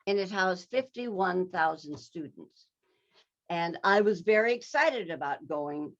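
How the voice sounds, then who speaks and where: Lively storytelling woman from Wisconsin. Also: medium pitch, highs cut off. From Wisconsin, United States. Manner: animated storyteller who addresses the audience. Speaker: keynote speaker. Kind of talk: storytelling keynote talk.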